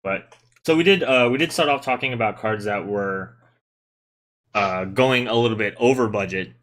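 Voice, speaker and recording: Chatty man with a bright, low voice. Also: normal speed. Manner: chatty, explains rules at length, teasing. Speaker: podcast host. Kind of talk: casual gaming podcast chat.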